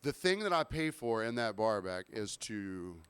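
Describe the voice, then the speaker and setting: A man talks shop about bartending in a relaxed, rambling way and breaks into easy laughter. His voice is smooth and resonant, and it sits dry and close to the mic. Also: lowish voice, normal speed, no room sound. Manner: laid-back, rambling, laughs easily. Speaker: podcast co-host and bartender. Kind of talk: casual podcast chat.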